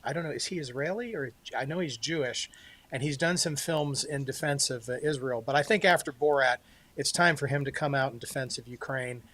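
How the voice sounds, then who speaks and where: Slow, measured man. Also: fairly high pitch, a bit bright. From United States. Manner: slow, measured, thinking aloud. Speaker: guest author. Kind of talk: casual interview.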